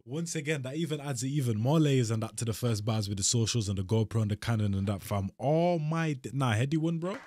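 A man hosting a music reaction, talking in slangy, animated bursts of surprise. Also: medium pitch, fast talker, hardly any pauses, no room sound, studio quality. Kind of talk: excited music reaction commentary.

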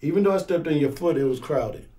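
A man's voice: fairly high pitch, expressive, fast, dark tone. A man who teaches firearms classes and serves as a pastor, talking casually in an interview and acting out scenarios with quoted voices.

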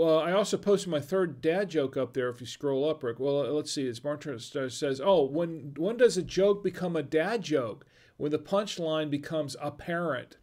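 A man's voice: a little high, darkish tone. A man hosting a casual livestream, reading viewer jokes, chuckling at them and trailing off mid-sentence.

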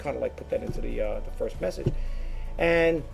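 An online reseller talks casually to camera for his viewers, his medium-pitched, gravelly voice moving briskly over soft background music. He rambles and repeats words as he goes.

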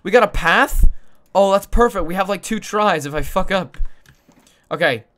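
A young man live-streaming a game, mumbling to himself and his chat, swearing often and breaking into loud excited shouts. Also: high-pitched, moderate pace. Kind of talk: casual gaming livestream chat.

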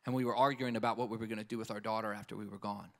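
A man's voice: lowish voice, steady tone, racing. A man preaching a live conference sermon as an evangelist, emphatic and storytelling, calling out for an amen. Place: conference hall with live audience.

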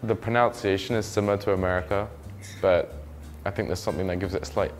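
Man, very low voice, hesitant, searching for words, clear guitar music behind. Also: steady tone, fast talker. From England. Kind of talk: blindfolded guessing interview.

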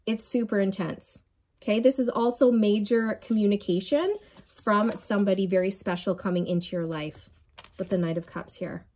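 A woman's voice: medium pitch, fairly even intonation, normal speed, darkish tone. A woman giving a channeled tarot reading, emphatic and encouraging, often repeating phrases and checking in with "okay?" and "right?". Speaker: tarot reader.

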